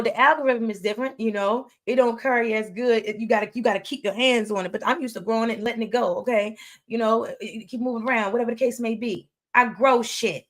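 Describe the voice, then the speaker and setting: Emphatic woman with a higher voice. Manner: emphatic, repeats phrases, preachy asides. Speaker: livestream commentator. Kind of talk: casual live commentary. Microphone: streaming setup.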